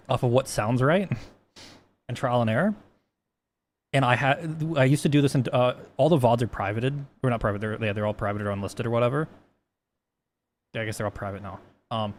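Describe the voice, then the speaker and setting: A man's voice: medium pitch, darkish tone. Rambling, profane male streamer. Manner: rambling, profane, frequent restarts. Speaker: livestreamer. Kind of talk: casual livestream chat while coding.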